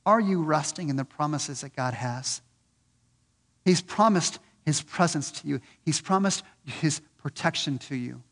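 A man preaching a sermon, earnest and repeating questions for emphasis, swinging from loud and lifted on key points to low and soft. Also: measured pace. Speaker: pastor.

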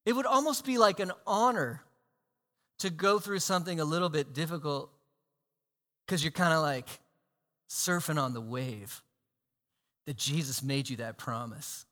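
A man preaching a sermon as pastor, animated, swinging between loud emphasis and hushed asides. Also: on the high side, a little slow, pauses often. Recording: long hall reverb.

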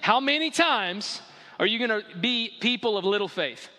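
A man's voice: very high voice, expressive, a little fast, pushed and bright, voice pushed up, exaggerated voice. A preacher voicing an exasperated, condescending male leader who scolds his people with sarcastic questions. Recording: echoey hall.

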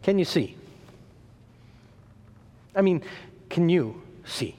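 A man preaching a sermon, retelling a story in an animated way, acting out the voices, sometimes stumbling and repeating words. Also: a little high, slow. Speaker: pastor. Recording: long hall reverb.

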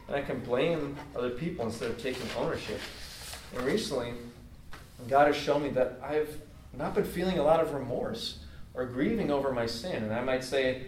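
A man's voice: mid-range voice, brisk, a little hiss or hum. A man preaching a casual, heartfelt sermon in an everyday way, with many fillers. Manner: earnest, informal, many fillers. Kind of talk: conversational sermon. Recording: echoey room, mic at a distance.

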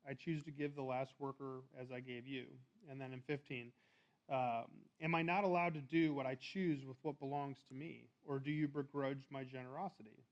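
Man, sermon, relaxed chatty delivery, mid-pitched voice, slightly muffled recording. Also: normal speed. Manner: conversational, restarts and fillers, reads scripture aloud. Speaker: preacher.

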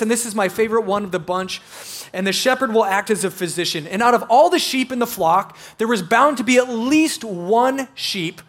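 A man preaching a sermon in an earnest, reflective way, slowing down to dwell on scripture lines. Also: high-pitched, a bit bright. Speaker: pastor.

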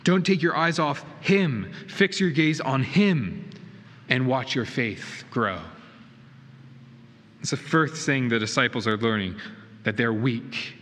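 In a church sanctuary, a male pastor preaches an earnest, emphatic sermon filled with rhetorical questions. His medium-pitched voice is slow and fairly bright, echoing through a reverberant hall with faint noise.

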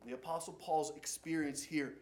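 A male pastor delivers a sermon with a high-pitched voice. He swings dynamically between loud, urgent passages and hushed, low ones. The sound carries the echo of a large room. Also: steady tone, normal speed.

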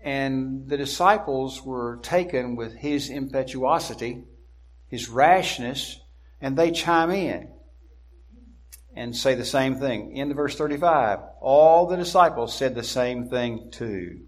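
A man preaching an expository sermon, deliberate and emphatic, slowing down to stress key words. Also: medium pitch.

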